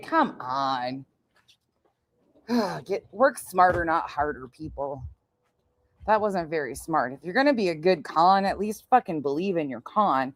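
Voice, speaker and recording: A woman's voice: medium pitch, very animated, unhurried, long pauses. A woman hosting a casual livestream, brash and sarcastic, swearing often and laughing at her own stories. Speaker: streamer host. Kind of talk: casual profane livestream chat.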